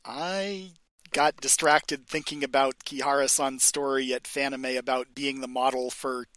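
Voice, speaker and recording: A man's voice: mid-range voice, steady tone, a little slow, a bit bright, no echo. A man on a podcast adding analytical trivia about a film in casual discussion. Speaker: podcast co-host.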